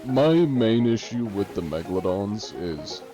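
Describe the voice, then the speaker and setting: A male streamer with a low, mellow voice, chatting in an easygoing way over his gameplay. He swears casually, and faint music runs in the background. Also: sing-song, measured pace, rough recording. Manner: laid-back, swears casually.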